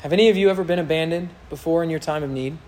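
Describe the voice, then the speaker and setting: A man delivers a rapid-fire, conversational sermon in a high-ish, slightly mellow voice, with a little background noise present. He mockingly imitates voices now and then when quoting.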